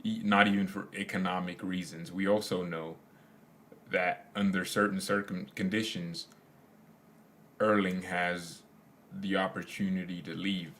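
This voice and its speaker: Rambling young man with a lowish voice. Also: level tone, unhurried, a bit bright. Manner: rambling, laughs often, slangy. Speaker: fan channel host. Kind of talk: casual livestream chat reading comments.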